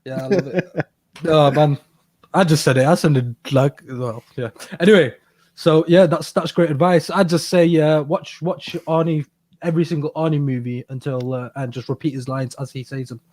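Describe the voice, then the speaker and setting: A man's voice: fairly high pitch, steady tone, normal speed, a little mellow. Hesitant man co-hosting a podcast. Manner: hesitant, filler-heavy, laughs often. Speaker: podcast co-host. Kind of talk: casual advice podcast chat. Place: studio.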